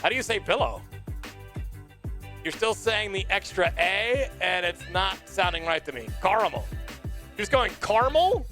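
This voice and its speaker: A man doing a bright giggly puppet host. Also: high-pitched, unhurried, pauses often, faint music behind. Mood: silly. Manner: playful, giggly, wordplay-loving. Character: excitable male puppet morning show host. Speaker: puppet talk show host. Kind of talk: casual live-stream chat.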